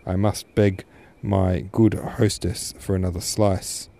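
A man voicing a flattering, effusive gentleman suitor. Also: low voice, slow, creaky, heavily acted. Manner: effusive, ingratiating. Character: flattering, smooth-talking male suitor.

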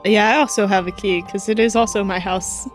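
Female player, mid pitch, chatty and explanatory, faint music bed. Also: fairly even intonation, brisk. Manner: chatty, explains her character's actions. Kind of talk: playing a tabletop game.

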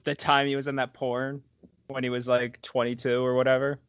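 A man's voice: medium pitch, level tone, a bit bright, clean tone, no room sound, muffled recording. Jokey man hosting a movie podcast. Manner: jokey, prone to quick put-on voices and laughter. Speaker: podcast host. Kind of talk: casual comedic podcast chat.

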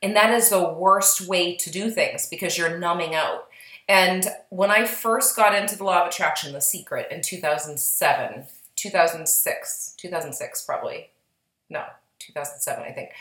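A woman's voice: lowish voice, normal speed, fairly bright tone, roomy sound, poor audio. A woman co-hosting a casual podcast, chatty and reflective, her voice slightly worn. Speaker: podcast co-host, psychic medium.

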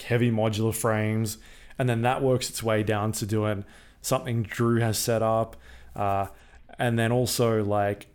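A man co-hosting a gaming podcast, explaining things in a relaxed, rambling way with many fillers. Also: lowish voice, clean tone. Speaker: podcast co-host. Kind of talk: casual chat.

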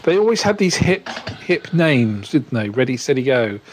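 A man chatting as podcast co-host, telling wry, animated anecdotes. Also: medium pitch, moderate pace, slight background noise. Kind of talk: casual chat about old TV.

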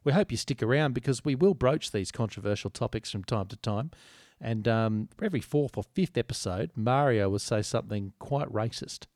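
A man with an Australian accent co-hosting a podcast, chatting in a relaxed, rambling way with dry humour. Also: medium pitch, normal speed, dry recording. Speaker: podcast co-host. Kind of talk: casual chat.

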